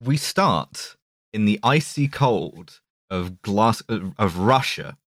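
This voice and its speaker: A man's voice: lowish voice, animated, takes it slowly, fairly bright tone, no room sound, clean studio sound. A man on a podcast, casually recapping a movie, joking and laughing between fillers. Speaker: podcast host summarizing a film. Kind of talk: casual chat.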